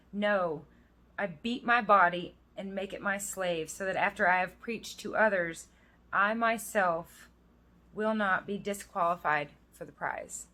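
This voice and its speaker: A woman's voice: fairly low pitch, fairly bright tone. A woman in her thirties talking casually and earnestly to her viewers, reading scripture verses aloud. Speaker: vlogger. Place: outdoors in the rain.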